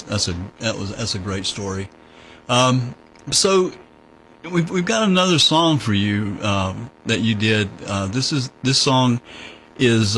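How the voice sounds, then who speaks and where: A man hosting a radio interview, speaking in an easygoing way, with halting restarts. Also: mid-range voice, fairly bright tone, slight background noise, poor audio. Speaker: radio host.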